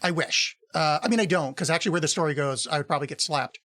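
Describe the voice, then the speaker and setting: Rambling middle-aged man, higher voice, dry sound. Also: fast, pushed and bright, no room sound. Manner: rambling storyteller, laughs often, swears freely. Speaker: podcast co-host. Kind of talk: casual chat.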